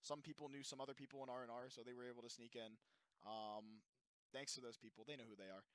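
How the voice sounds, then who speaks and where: A man's voice: mid-range voice, steady tone, quick pace, a bit bright, clean tone, no room sound, low-quality recording. Young male co-host, self-deprecating storyteller, mid-range voice, dry close sound. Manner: laughs often, self-deprecating. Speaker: podcast co-host. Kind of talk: casual storytelling chat.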